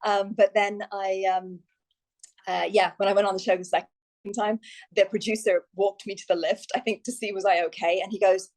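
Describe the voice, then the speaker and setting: On this podcast interview, a woman speaks at medium pitch and normal speed, her tone level and slightly mellow. She's a success coach sharing frank, talkative stories sprinkled with quoted asides, though the audio is poor.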